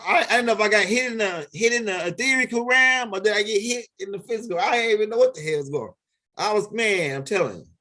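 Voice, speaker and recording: A vlog host with a high, sharp-toned voice tells a story in a casual monologue. He rambles and swears, repeating himself and starting over often.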